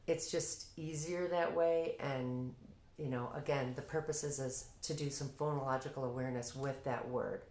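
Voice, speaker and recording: A woman with a notably low voice explains how she teaches reading, breaking into an animated classroom tone to demonstrate prompts. The recording has the hollow echo of a bare room. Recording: echoey room.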